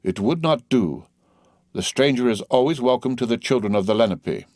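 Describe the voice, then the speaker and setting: A man voicing a stern, guarded male chief who answers in slow, grave, cautious speech. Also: medium pitch, lively intonation, a little mellow, no room sound, clean studio sound, natural voice.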